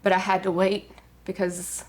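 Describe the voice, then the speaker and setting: A woman's voice: mid-range voice, completely flat delivery, normal speed. A woman, a guest giving an earnest personal testimony with many fillers. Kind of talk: personal testimony on a talk show.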